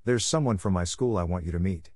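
A teenage girl who has had enough of her bully and answers him with sharp, cutting words, as a man reading the story puts her on. The voice stays low and close, with a dry, deadened sound. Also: fast, dry recording. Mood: pleased. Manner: defiant, cutting.

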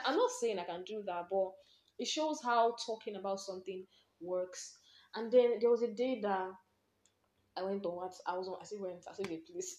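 A young Nigerian woman hosting a podcast, candidly telling personal stories with lively slang and laughter. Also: medium pitch, echoey room. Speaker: podcast host. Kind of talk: personal storytelling monologue.

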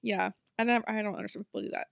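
A young woman co-hosting a podcast in casual chat, telling a rambling story that she breaks up with quick bursts of speech. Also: medium pitch, steady tone, vocal fry, fairly bright tone, no echo, clean studio sound. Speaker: podcast co-host.

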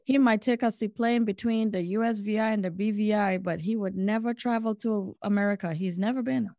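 Host: woman, warm mellow tone, supportive and agreeable, dry close sound. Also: mid-range voice, steady tone, a little fast, no echo. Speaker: podcast host. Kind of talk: casual interview chat.

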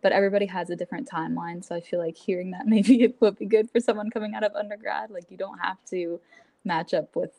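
A woman's voice: medium pitch, steady tone, fast talker, creaky, warm tone, no room sound. A woman in her twenties, a graduate student guest in a podcast interview, upbeat and laughing often, with many likes. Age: 20s. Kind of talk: casual interview chat.

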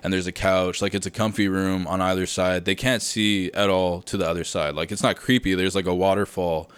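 A man's voice: low-pitched, little pitch movement, fairly quick, smooth, no echo. A young man hosting a solo podcast from his room at home. He rambles, gets sidetracked, says "dude" a lot and swears freely. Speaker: podcast host. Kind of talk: casual solo podcast chat. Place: home room with recording setup.

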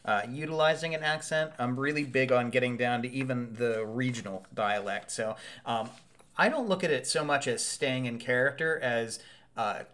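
A man's voice: medium pitch, fairly bright tone. A male actor co-hosting a podcast, explaining in casual chat with many halts and restarts. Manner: halting, restarts, then explains carefully.

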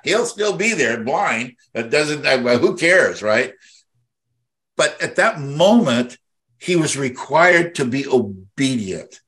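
Speaking slowly in a sing-song, medium-pitched voice that's a bit bright, an older minister hosts a devotional podcast. His delivery rambles with passion and sincere emotion, swelling at the moving moments.

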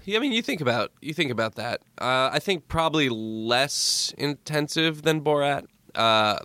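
A man talking as a guest on a podcast, telling stories in a lively, joking way with quick asides. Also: fairly high pitch, clear, resonant tone, dry recording. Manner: animated storyteller, jokey asides. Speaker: comedy producer, guest. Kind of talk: casual podcast chat.

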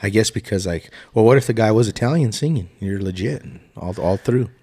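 Man, lowish voice, animated, blunt opinions, casual podcast talk. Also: a little fast, slightly rough. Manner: blunt, opinionated, swears freely. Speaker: podcast co-host. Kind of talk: casual chat.

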